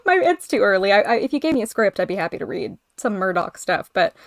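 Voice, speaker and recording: A woman co-hosting a casual livestream chat, chatty and giggly with quick asides. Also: mid-range voice, very animated, no room sound.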